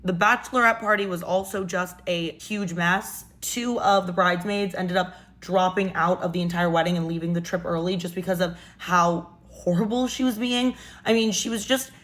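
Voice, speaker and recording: A woman's voice: lowish voice, moderate pace. Young woman, casual storyteller, chatty and sassy. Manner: chatty, animated, sassy asides.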